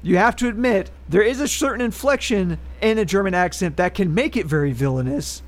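Brisk and animated, this high-pitched man reads a history segment on the podcast he co-hosts. He keeps the tone conversational, stating the facts first and then tossing in dry political remarks.

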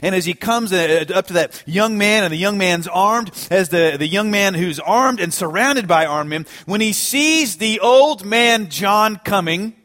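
Animated high-voiced male preacher. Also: unhurried, few pauses. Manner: animated storytelling, rising to emphatic peaks. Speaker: pastor. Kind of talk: sermon.

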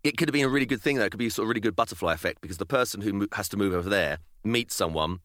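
A man from England chats easily as a podcast co-host, tripping over his words and laughing often. His voice is bright and moves up and down a lot. The recording is dry and close. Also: lowish voice, animated, racing, no room sound. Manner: chatty, stumbles and repeats words, laughs often. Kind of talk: casual chat.

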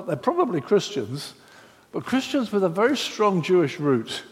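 A man preaching a sermon as a pastor, telling the story dramatically and with lively emphasis. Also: high-pitched. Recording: reverberant hall.

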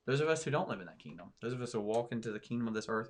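Fast-talking animated male pastor. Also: medium pitch. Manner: animated, quick preaching with emphatic swings. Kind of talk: sermon-style podcast discussion.

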